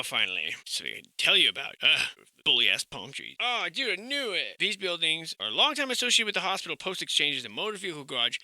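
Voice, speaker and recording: A man's voice: fairly high pitch, pushed and bright. A man giving sarcastic, foul-mouthed comedic voice-over commentary, jumping between silly voices. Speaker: comedic narrator.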